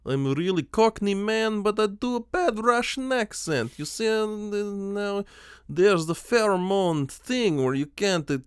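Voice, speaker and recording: A man putting on a smug cockney villain who slips in and out of a bad fake Russian accent, speaking in a slow, boastful drawl. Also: high voice, animated, clear, resonant tone, dry recording, pitched above the performer's own voice.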